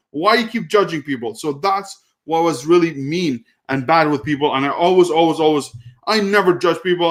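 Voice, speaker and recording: Male host, slightly high pitch; casual live-stream storyteller, blunt, lots of fillers. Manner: animated storytelling, acts out exchanges, frequent fillers; blunt, occasionally swears. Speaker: host of live Q&A on online selling.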